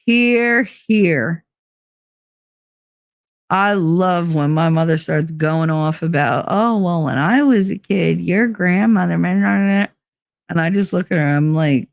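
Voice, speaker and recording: A woman's voice: on the low side, unhurried, no room sound, clean studio sound. Blunt, sarcastic woman podcast host. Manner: blunt, sarcastic, swears freely; mimics others in mocking voices. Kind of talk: casual monologue reading viewer comments.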